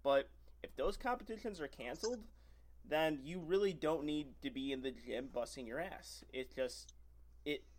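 A man's voice: on the high side, moderate pace, a little mellow. A man hosting a casual podcast chat, speaking in an earnest, emphatic way.

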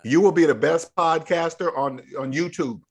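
A man's voice: on the high side, normal speed, breathy edge. Emphatic, preachy man coaching on money. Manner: emphatic, preachy, repeats phrases. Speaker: debt-free money coach. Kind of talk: casual podcast chat.

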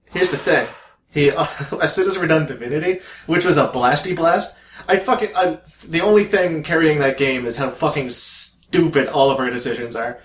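A man co-hosting a podcast, swearing freely and telling stories with plenty of laughter. His voice sits a little high for a man. The room around him is echoey. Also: normal speed. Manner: profane, laughs often, animated storytelling. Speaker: podcast co-host. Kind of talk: casual chat.

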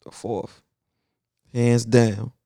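A man's voice: mid-range voice, level tone, very slow, warm tone, dry recording, studio quality. A man from Brooklyn with a strong New York accent, telling stories in loose, slangy casual chat.

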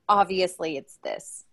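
A woman's voice: fairly low pitch, vocal fry, fairly bright tone. Enthusiastic woman hosting an interview. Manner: enthusiastic, quick to react. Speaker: host.

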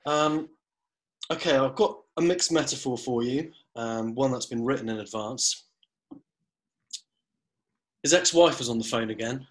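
A man's voice: mid-range voice, a little slow, long pauses. A man co-hosting a casual podcast chat, with a dry manner, who reads short comic poems aloud. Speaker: podcast co-host.

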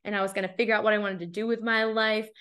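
A female podcast host chats candidly and casually, leaning heavily on "like." Her mid-range voice is level and very fast, a bit bright, with a clear, resonant tone.

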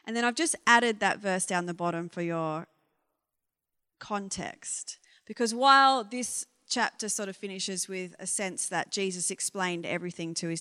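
A woman's voice: mid-range voice, bright, forceful tone. A woman giving an informal sermon, candid and conversational, asking frank exasperated questions. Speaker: preacher. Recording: long reverb of a hall.

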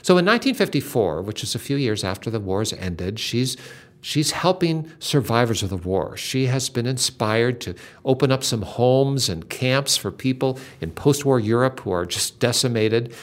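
A man's voice: medium pitch, lively intonation, measured pace. An older man hosting a Christian talk, earnestly retelling a story with dramatic emphasis. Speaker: Christian podcast host.

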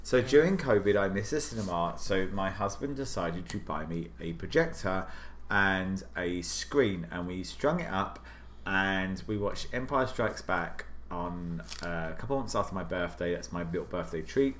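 Animated British man telling a story. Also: moderate pace, a little hiss or hum. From Britain. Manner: animated storytelling, jumps high on acted quotes. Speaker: podcast co-host. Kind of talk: casual chat.

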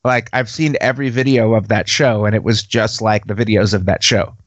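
A man's voice: fairly low pitch, steady tone, brisk, dry recording. Man, podcast co-host, rambling casual talk, dry close sound, dull mic. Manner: rambling, laughs often.

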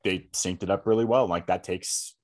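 A young man talks through a film in a casual review chat. His voice sits low, and he rambles easily with plenty of fillers. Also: moderate pace. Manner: relaxed, rambling, many fillers.

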